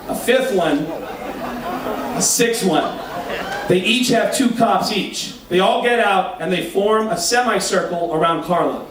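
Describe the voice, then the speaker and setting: A high-voiced male comedian tells a raunchy story on a live stage, animated and full of swearing. His voice carries through a very echoey room. The mic sounds far off, with a faint hum of ambience behind him. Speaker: stand-up comedian. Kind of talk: stand-up storytelling. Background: audience laughter.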